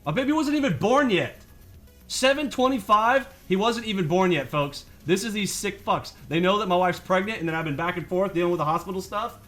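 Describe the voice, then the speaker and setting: A man with a fairly high voice rants at his viewers, indignant and sarcastic, and he swears freely. Soft music plays faintly behind him. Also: fairly quick. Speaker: trading channel host. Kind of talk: angry rant to viewers.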